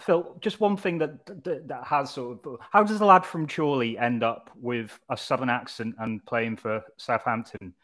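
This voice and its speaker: A man co-hosting a fan podcast, putting short, quick-fire questions to his guest. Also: medium pitch, a bit bright. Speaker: podcast co-host. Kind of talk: casual podcast interview.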